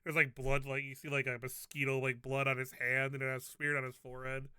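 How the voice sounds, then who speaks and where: Bright, crisp-voiced man player. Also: mid-range voice, monotone, fairly quick, no echo, studio quality. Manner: loose, joking. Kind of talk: describing his character in a tabletop game.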